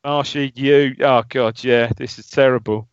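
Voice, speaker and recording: A man's voice: medium pitch, steady tone, a little slow, clear, resonant tone, dry recording. A man co-hosting a casual football podcast, chatty and rambling with frequent laughs. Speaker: podcast co-host. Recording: dull lo-fi audio, dry.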